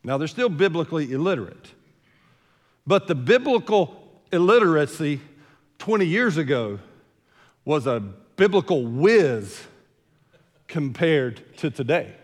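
A man's voice: on the high side, sing-song, a little slow, long pauses, long reverb tail. An older man preaching a sermon as senior pastor, talking in a conversational way with joking asides and repeating words as he starts a thought. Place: church sanctuary.

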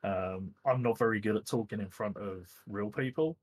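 A man's voice: lowish voice, moderate pace, husky, low-quality recording. A middle-aged man from the UK, a guest telling rambling, self-deprecating stories with lots of fillers in a casual interview chat. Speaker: esports director, guest.

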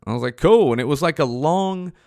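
A man's voice: a little high, quick pace, gravelly, no echo. Male podcast host, forties, loose cursing storyteller, dry mic. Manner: profane, rambling, animated. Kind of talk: casual storytelling.

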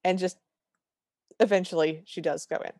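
Low-voiced woman podcast co-host, dry sound. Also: moderate pace, no room sound. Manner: animated storytelling, quoting characters. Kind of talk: casual chat recapping a movie.

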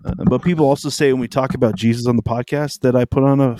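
A man's voice: medium pitch, steady tone, fast talker, mellow, no room sound, studio quality. A man co-hosting a podcast, chatting casually in a rambling, joking way with lots of fillers. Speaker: podcast co-host. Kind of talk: casual chat.

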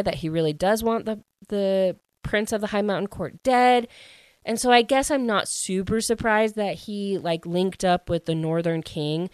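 A woman casually recapping a novel's plot, chatty and animated and full of fillers. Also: mid-range voice, smooth, no echo. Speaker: book reviewer.

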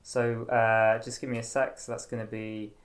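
A man's voice: medium pitch, little pitch movement, moderate pace. Male co-host, mid-range voice, hesitant, lots of ums. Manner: hesitant, thinks aloud with many ums. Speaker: podcast co-host. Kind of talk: casual chat.

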